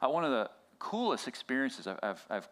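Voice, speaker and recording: A man's voice: mid-range voice, very animated, a little fast, fairly bright tone. A middle-aged man preaching a sermon as a pastor, telling a personal story with many restarts and asides.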